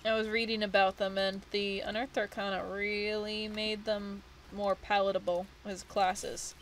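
A woman's voice: mid-range voice, flat delivery, a little slow, a little hiss or hum. A woman giving casual let's play commentary, chatty and thinking aloud, with the odd swear.

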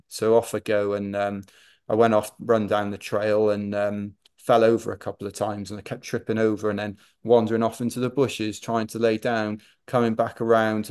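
A middle-aged man, a podcast guest, telling a running anecdote with animated self-deprecating humour. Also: fairly low pitch. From Wales. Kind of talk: anecdotal storytelling.

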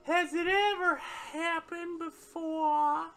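A man playing a young female adventurer in a video game, speaking in a raised, slow, stretched-out voice. The tone is bright and the earnestness is laid on thick. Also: steady tone, soft background music, heavily acted. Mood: earnest. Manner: slow, drawn-out, high put-on voice. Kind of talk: comedic game let's-play voice acting.

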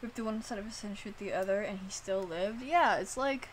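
A woman streamer chatting casually, animated and swearing, filling her talk with "like.". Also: medium pitch, fairly quick, slight background noise. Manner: animated, swearing, heavy use of "like".

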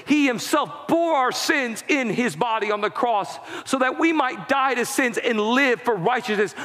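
A man preaching a sermon as pastor, with impassioned delivery that rises to shouting at its peaks. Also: very high-pitched. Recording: long hall reverb.

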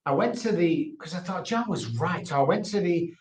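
A man's voice: high-pitched, lively intonation, normal speed. A man from England, a guest giving a candid personal testimony in an earnest, repetitive storytelling manner. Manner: earnest storyteller, repeats himself for emphasis. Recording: roomy, echoey sound.

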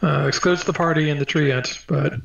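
Hesitant gamer guy, kinda gravelly, far off muffled mic. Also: a little high, fairly even intonation, a little fast, fairly bright tone. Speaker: player. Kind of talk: casual tabletop play. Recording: distant dull echoey mic.

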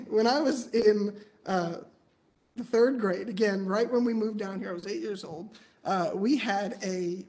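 A man preaching in church, telling personal stories with light humor in a conversational way. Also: sits high. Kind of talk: sermon. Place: church auditorium.

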